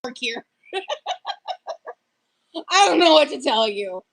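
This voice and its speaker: A woman's voice: high-pitched, expressive, slow pace, gravelly, fairly bright tone, dry recording. A woman chatting casually on a livestream, defensive and dismissive toward critics. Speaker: livestreamer in played clips.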